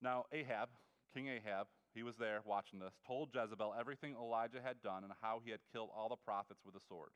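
A male preacher retelling a story in a sermon, in a casual, animated way with asides and quick restarts. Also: on the low side, smooth, muffled recording. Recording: long reverb of a large hall.

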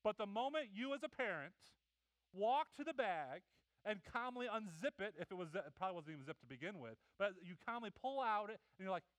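Lively high-voiced male pastor preaching. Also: a little fast, no echo, poor audio. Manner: animated storytelling, acting out family members' voices. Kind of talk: sermon.

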